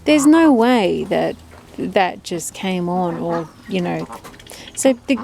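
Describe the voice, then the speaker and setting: A woman's voice: fairly low pitch, lively intonation, slow pace, vocal fry, darkish tone, a little hiss or hum. A woman keeping ducks, talking to the camera outdoors in a rambling, chatty way and cooing at her birds in baby talk. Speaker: duck keeper. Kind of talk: casual vlog chat.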